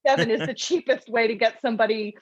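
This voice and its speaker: A woman podcast host in casual chat, telling film trivia in a lively storytelling way with frequent laughs. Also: fairly high pitch, quick pace, no echo, poor audio.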